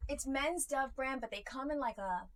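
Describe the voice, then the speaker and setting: A woman co-hosting a podcast, telling stories in an animated, casual way with frequent swearing. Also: high-pitched, moderate pace. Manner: animated storytelling with frequent profanity and laughter. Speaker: podcast co-host. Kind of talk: casual chat.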